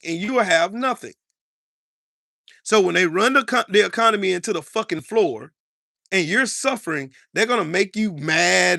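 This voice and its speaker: A man's voice: sits high, creaky, sharp tone, no echo, clean studio sound. An American man delivering heated political commentary in an angry, profane, repetitive rant.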